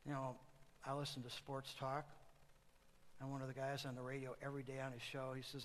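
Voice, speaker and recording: A pastor delivering a sermon to a congregation, moving between loud outbursts and hushed asides. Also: male voice, medium pitch, flat delivery, fairly quick, long pauses, in a large hall, a little hiss or hum, low-quality recording. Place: church sanctuary, also broadcast on TV.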